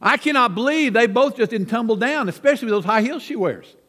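Older pastor, lively and high, echoing hall. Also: male voice, fast talker. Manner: folksy, self-deprecating storytelling. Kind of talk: sermon with personal stories. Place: church sanctuary.

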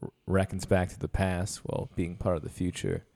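A man's voice: low-pitched, sing-song, a little fast, darkish tone. A man co-hosting a podcast in casual, joking chat. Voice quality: gravelly. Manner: joking, playful. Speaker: podcast co-host.

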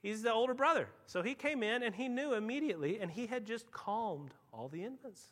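A man preaching a sermon as pastor, telling stories and swinging from quiet asides to loud, emphatic peaks. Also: sits high, expressive, a little fast. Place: church.

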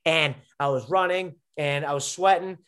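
Young guy on a podcast, kinda high voice, rambly, says like a lot. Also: moderate pace, fairly bright tone, clean tone. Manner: rambling, filler-heavy storytelling. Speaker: guest, former college wrestler. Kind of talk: casual conversation.

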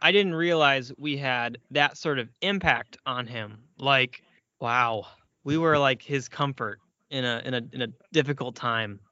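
A man's voice: medium pitch, unhurried, sharp tone. A man co-hosting a podcast, reacting with effusive, mock-amazed delight. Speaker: podcast co-host. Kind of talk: casual comedy chat. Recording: slightly muffled lo-fi audio.

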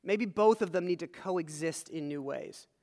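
A male pastor preaching a sermon, animated, moving between loud emphasis and soft low asides. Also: moderate pace, big-room sound.

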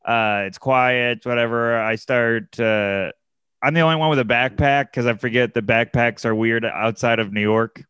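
A man's voice: medium pitch, normal speed, a bit bright, clean tone, no room sound, studio quality. A man casually telling a long anecdote, with many fillers and restarts. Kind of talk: casual chat, storytelling.

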